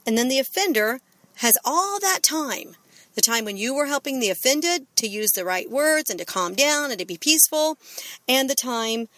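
A woman's voice: sits high, expressive, moderate pace, a bit bright, dry recording. A middle-aged woman giving a parenting talk, earnest and full of fillers and restarts. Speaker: parenting speaker.

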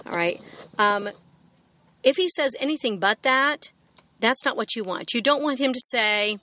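A woman's voice: on the high side, expressive, measured pace, sharp tone, no room sound. A middle-aged woman giving a parenting talk, earnest and full of fillers and restarts. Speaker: parenting speaker.

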